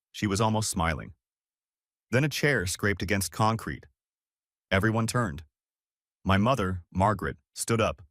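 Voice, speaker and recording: Low-voiced man narrating a dramatic story. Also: a bit bright, dry recording, studio quality. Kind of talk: scripted first-person narration.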